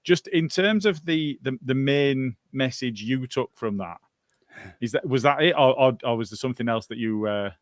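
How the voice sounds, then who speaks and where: A man's voice: medium pitch, moderate pace, no room sound. A man with a mid-range voice co-hosts a football podcast. He chats casually and turns to his co-hosts with questions. The sound is dry and close to the mic. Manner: conversational, asks co-hosts questions. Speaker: podcast co-host.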